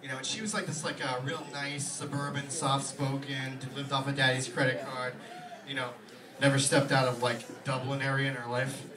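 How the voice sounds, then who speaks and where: A man's voice: mid-range voice, little pitch movement, distant mic. A young man doing a rambling stand-up comedy set in a small pub, full of fillers. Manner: rapid rambling delivery with fillers. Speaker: stand-up comic. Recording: echoey bar room, mic from afar, loud crowd.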